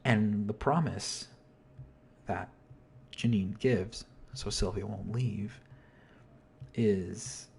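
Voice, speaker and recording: A man's voice: fairly low pitch, very slow, gravelly, long pauses, a little mellow, a little hiss or hum. A man casually breaking down a song's lyrics, rambling, correcting himself and often dropping to a whisper. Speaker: video host explaining song lyrics. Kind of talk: casual lyric breakdown, quoting and half-singing lines.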